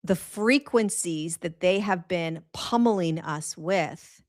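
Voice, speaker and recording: A woman hosting a live spiritual talk show, speaking earnestly and emphatically, repeating phrases for stress and slowing right down on key words. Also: lowish voice. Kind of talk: live-streamed spiritual monologue.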